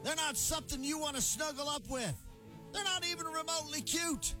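A man's voice: extremely high pitch, a little fast. A man putting on a rambling, folksy football coach giving a mocking pep talk to his team, over music. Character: gruff blustering male football coach. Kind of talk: comic pep-talk monologue.

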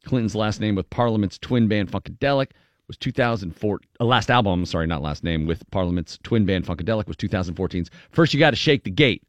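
A man's voice: fairly low pitch, animated, quick pace, no echo, dull audio. A man hosting a casual radio show, reading entertainment headlines and joking, laughing often. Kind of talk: casual news banter.

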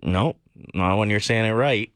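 A man's voice: fairly low pitch, moderate pace, no echo, studio quality. A man co-hosting a morning radio show, joking easily and laughing often in casual banter. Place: radio studio. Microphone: studio microphone.

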